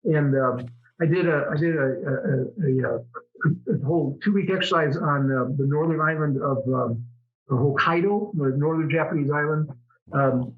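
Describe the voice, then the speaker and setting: A middle-aged man tells stories in a relaxed interview, stumbling over restarts as he goes. His voice sits a little high for a man. The audio is dull and lo-fi. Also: moderate pace, soft background music. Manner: chatty, rambling, many restarts. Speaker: interview guest, former fighter pilot. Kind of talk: casual storytelling interview.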